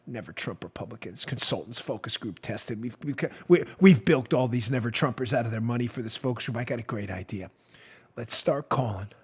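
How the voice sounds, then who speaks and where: A smug, self-satisfied male political consultant, as a talk host puts him on, speaking low and hushed, with a mocking edge. The voice lively rises and falls despite the lowered register. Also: fairly quick, breathy edge.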